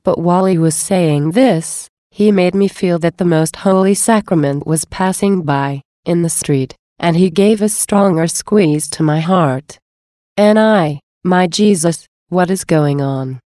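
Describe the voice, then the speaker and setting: A woman giving an earnest, measured devotional reading of a mystic's first-person account. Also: lowish voice, warm tone, no room sound, studio quality. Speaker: reader.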